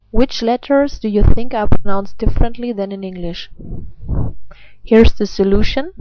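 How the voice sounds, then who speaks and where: A woman's voice: a little high, no echo, muffled recording. A woman with a German accent who is a native German speaker, teaching pronunciation in a video lesson in a patient way. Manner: patient, slow and exaggerated when modelling words. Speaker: language teacher.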